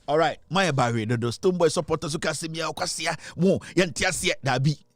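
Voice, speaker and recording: Animated Ghanaian man, dry close sound. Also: on the high side, no echo. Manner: animated, mixing English and Twi, slows to drawn-out soothing tones. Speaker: host. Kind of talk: casual chat.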